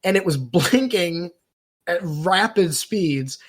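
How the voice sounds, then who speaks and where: A man's voice: sits high, lively intonation, slow, husky. Sarcastic man riffing on a podcast. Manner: sarcastic, acts out mock dialogues in exaggerated voices. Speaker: podcast co-host. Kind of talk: casual political comedy chat.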